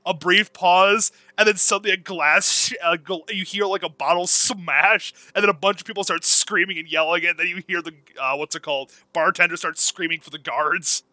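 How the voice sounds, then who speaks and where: A man's voice: sits high, steady tone, moderate pace, few pauses, pushed and bright, dry recording. A young man running a tabletop game as game master, rambling and often searching for words.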